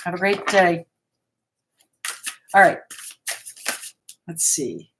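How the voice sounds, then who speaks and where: A woman's voice: lowish voice, lively intonation, extremely slow, fairly bright tone, a little hiss or hum. A woman hosting a live tarot reading, chatting with viewers and reassuring them as she thinks aloud between cards. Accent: American. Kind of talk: live-stream card reading, answering viewers.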